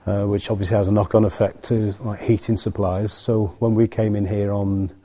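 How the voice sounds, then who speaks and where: A man running a theatre, explaining problems in a plain, halting way with many fillers. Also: on the low side, little pitch movement, dark tone. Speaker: theatre manager.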